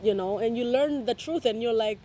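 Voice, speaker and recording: A young woman being interviewed, talking casually and with animated storytelling. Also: on the high side, fairly quick, slight background noise. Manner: animated storytelling with quoted voices.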